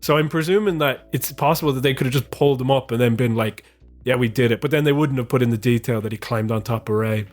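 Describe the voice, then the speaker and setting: A man's voice: medium pitch, fast, hardly any pauses, faint music behind. A male podcast co-host in casual comedic chat, rambling and swearing as he laughs through his points.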